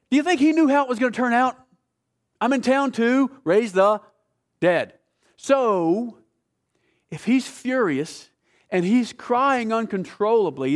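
Male preacher, high voice, fervent and conversational, drops to a hush then builds up loud. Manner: passionate, swings between hushed and loud; conversational, asks the audience questions. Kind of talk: sermon.

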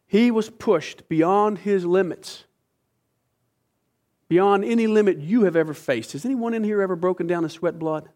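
A middle-aged man preaching a sermon to a congregation, with a dramatic, impassioned delivery that swings suddenly between loud and soft. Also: sits high, moderate pace.

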